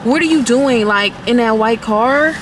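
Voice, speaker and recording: A woman vlogging casually to her phone from her car, chatty and quick to laugh. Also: a little high. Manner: chatty, laughs often, loose and playful. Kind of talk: casual vlog chat to camera. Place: in a car at drive-thrus. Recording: noisy car with traffic around.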